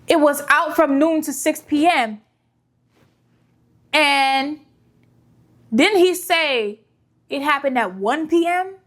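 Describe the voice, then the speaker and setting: A woman giving animated, joking commentary as she plays a game and talks back to it. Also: high voice, slow pace, pauses often. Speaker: gaming content creator. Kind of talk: gameplay commentary.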